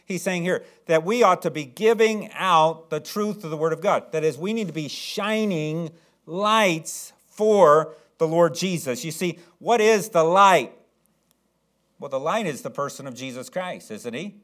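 A man preaching a sermon as pastor, slowing down to read verses aloud and calling on the congregation to answer. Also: on the high side, a bit bright. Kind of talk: sermon with scripture reading.

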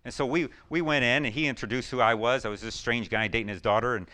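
A man preaching a sermon in a folksy storytelling way, full of fillers and restarts, now and then breaking into excited whoops. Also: mid-range voice, fast. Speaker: pastor.

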